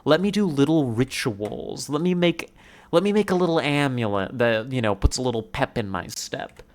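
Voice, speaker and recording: A male streamer chatting casually on a live stream. His voice sits at an ordinary, middling pitch. He rambles from thought to thought with eager excitement and tosses in casual swearing. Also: normal speed.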